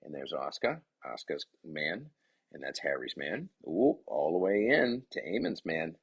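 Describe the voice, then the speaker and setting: A man giving chatty, excitable play-by-play commentary on his son's game, with rambling asides. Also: extremely low pitch, measured pace, gravelly, breathy edge. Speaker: parent commentator.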